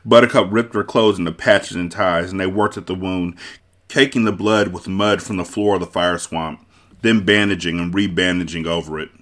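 A man with a low voice reads a novel aloud for his book club podcast. He tells the story in a measured, steady way.

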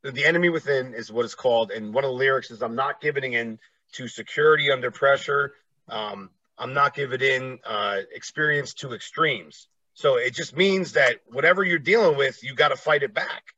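A man in middle age hosts a relaxed conversation, rambling freely and laughing often. His voice is bright and forward. The recording is dry and a little dull. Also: medium pitch, normal speed, no echo. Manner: laid-back, rambling, laughs easily. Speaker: podcast host. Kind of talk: casual chat.

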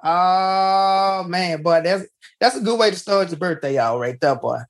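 In an unhurried way, a podcast host shares casual, folksy stories in a voice a little higher than most men's. He often restarts his sentences and repeatedly says "hey."

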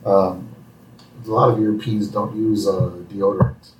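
A man's voice: fairly low pitch, little pitch movement, normal speed, darkish tone, slight background noise. A man co-hosting a podcast, chatting casually and laughing while he recaps an episode. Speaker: podcast co-host. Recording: roomy, distant mic.

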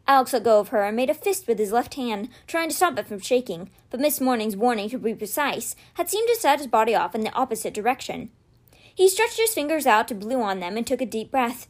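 A woman reading a children's novel aloud in a steady, gentle storytelling manner. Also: fairly high pitch, brisk. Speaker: read-aloud podcast host.

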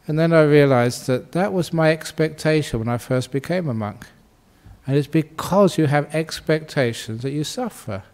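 A man who is a Buddhist monk, giving a gentle, humorous dharma talk, chuckling often and repeating soothing phrases. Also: a little high, normal speed.

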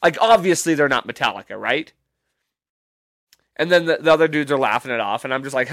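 A man's voice: mid-range voice, lively intonation, brisk, a bit bright, no echo, studio quality. A man hosting a podcast, telling a story in a rambling, profane, incredulous way with many restarts. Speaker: podcast host. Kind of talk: casual storytelling monologue.

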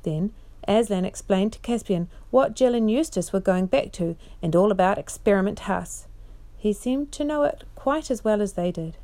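Woman reading a bedtime story aloud: gentle, measured, mellow tone. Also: mid-range voice, expressive.

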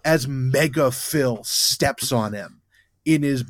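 A man co-hosting a casual podcast, eagerly recapping a TV episode and stumbling over his words when excited. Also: medium pitch, slow, no room sound, studio quality. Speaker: podcast co-host.

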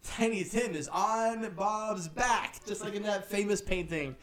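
A man's voice: high-pitched, a little slow, few pauses, fairly bright tone. A man narrating a comedic tabletop game as game master, joking, laughing and swearing as he goes. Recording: roomy echo, faint music.

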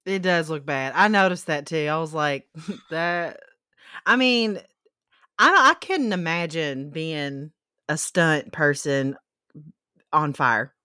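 A woman's voice: deep voice, expressive, slow, sharp tone, no echo, studio quality. A woman co-hosting a casual chat, talking in an incredulous, chatty way. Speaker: podcast co-host.

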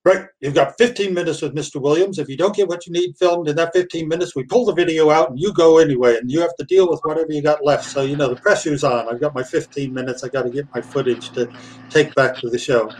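A man, a puppeteer guest, telling a lively anecdote and acting out the voices of the people in it, laughing now and then. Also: fairly high pitch, quick pace, recorded from a distance, slight background noise, low-quality recording. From England. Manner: lively storyteller, acts out voices, laughs often.

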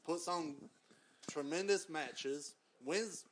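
A man's voice: fairly high pitch, slow, a little hiss or hum. A man guesting on a casual wrestling talk show, stammering and insistent as he argues his point. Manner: stammering, insistent, says hold on a lot. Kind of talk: casual chat.

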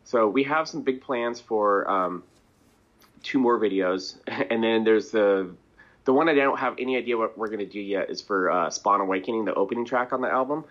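Low-voiced chatty man, lo-fi audio. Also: normal speed, fairly bright tone. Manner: rambling, chatty, chuckles and clears throat. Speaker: band member, interview guest. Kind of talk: casual interview conversation. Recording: dull lo-fi audio.

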